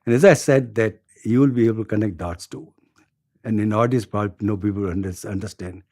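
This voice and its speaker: A man in his sixties with an Indian accent, telling a story in an interview in a halting way, repeating words and chuckling. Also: lowish voice, mellow, dry recording, clean studio sound. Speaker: interview guest.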